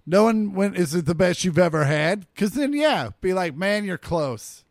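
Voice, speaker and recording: A man co-hosts a casual podcast, teasing his partner and riffing on silly bits. His pitch jumps around a lot, and his voice sounds dry and close to the mic. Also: sing-song, moderate pace, a little mellow, dry recording. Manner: jokey, playful riffing, sings nonsense. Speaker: podcast co-host. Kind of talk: casual chat.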